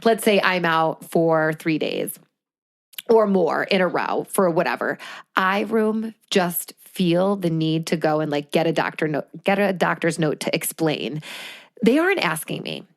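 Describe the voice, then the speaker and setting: Woman, forties, podcast co-host; earnest, emotional, quick to laugh, lower register. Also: expressive, gravelly. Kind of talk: casual podcast chat.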